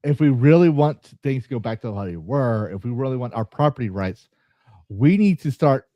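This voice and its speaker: Here a streamer and gaming podcast host rants heatedly, swearing angrily, repeating himself, and frequently starting over. His medium-pitched voice is animated and moves at normal speed. The audio is dull, with no echo.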